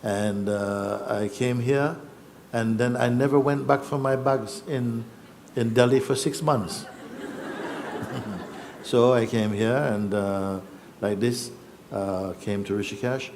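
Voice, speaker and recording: A middle-aged man, a spiritual teacher, relaxed and chuckling as he tells his story to a gathering and acts out the voices in it. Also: mid-range voice, takes it slowly, a little hiss or hum. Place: yoga festival gathering.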